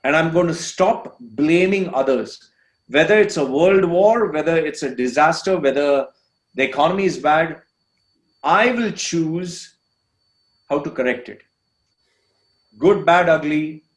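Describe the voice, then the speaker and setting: Man, from India, podcast guest, emphatic repeated phrases, a bit high-pitched, echoey room. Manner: earnest, repetitive, emphatic phrasing. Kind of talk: candid personal storytelling.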